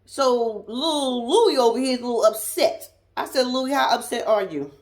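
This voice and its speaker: Sassy Southern woman with lively pitch. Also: moderate pace. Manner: sassy, blunt, laughing, profane. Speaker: reality TV recap vlogger. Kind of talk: casual commentary.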